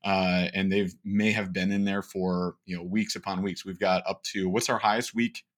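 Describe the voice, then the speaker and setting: A man co-hosting a sales coaching podcast in casual chat, energetic and quick with asides and fillers. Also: low-pitched.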